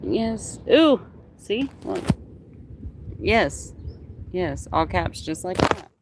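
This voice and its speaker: A woman chatting casually with viewers on a live stream in an animated way. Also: lowish voice, very slow, background noise. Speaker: livestreamer.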